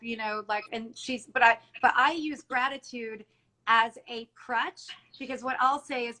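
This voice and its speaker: A middle-aged salon owner is a guest in a candid interview, speaking earnestly and emotionally and often retelling conversations with quoted dialogue and many restarts. Her high voice is pushed and bright, brisk, with fairly even intonation. The audio is poor.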